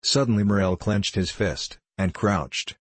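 A man with a low, slightly husky voice reads a novel aloud in a steady, measured way. The sound is dry and close, with no room around it. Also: no echo. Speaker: narrator. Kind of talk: audiobook narration of a novel.

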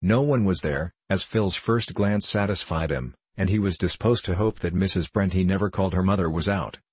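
A man narrates a storybook chapter in a very low, husky voice. The recording is dry and close, with no room sound. He reads the characters' lines evenly, without putting on voices. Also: moderate pace, a little mellow, no echo. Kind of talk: audiobook narration.

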